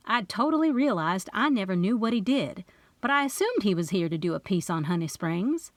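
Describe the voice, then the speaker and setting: A woman's voice: medium pitch, expressive, moderate pace, dry recording. A woman narrating a cozy mystery audiobook in first person, in a conversational storytelling way.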